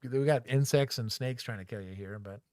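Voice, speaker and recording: A middle-aged former police officer with a Texan accent, co-hosting a casual livestream chat in a candid, joking way. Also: male voice, mid-range voice, fairly quick, darkish tone, no echo, studio quality. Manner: candid, joking, talks things through aloud.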